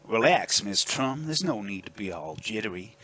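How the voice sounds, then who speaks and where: Man playing an informal, laid-back lord, bright tone. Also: fairly low pitch, lively intonation, normal speed. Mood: relaxed. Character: easygoing rough-spoken lord, man.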